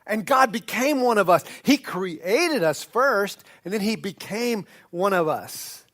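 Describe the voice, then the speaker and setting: A pastor with a high, expressive, fairly bright voice preaches a sermon in a church sanctuary. His delivery is conversational, and he draws out key words for emphasis and often restarts his sentences.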